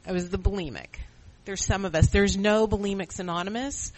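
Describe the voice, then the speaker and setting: A middle-aged speaker on a recovery meeting panel, giving an earnest, reflective personal testimony with halting restarts. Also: mid-range voice, poor audio.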